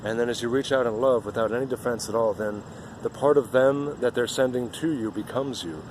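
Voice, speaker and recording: A man's voice: medium pitch, brisk, background noise. A man giving an earnest, rambling spiritual monologue outdoors, often repeating himself.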